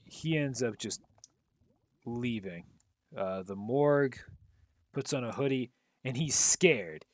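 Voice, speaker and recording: While playing a game, a male gaming commentator recaps a film in loose, rambling chat full of fillers and the occasional swear. He speaks slowly at medium pitch with no room sound.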